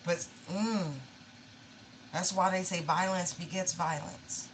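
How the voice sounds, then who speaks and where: A woman's voice: fairly low pitch, steady tone, slow pace, slight background noise, poor audio. A woman giving a casual tarot reading, emotional and pleading, swearing freely and calling her listeners y'all. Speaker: tarot reader.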